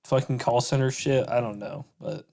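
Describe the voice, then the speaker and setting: A man's voice: medium pitch, fairly even intonation, normal speed, gravelly, a little mellow. A man co-hosting a podcast, telling crude work stories in casual chat. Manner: storytelling, crude joking. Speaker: podcast co-host. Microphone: studio microphone.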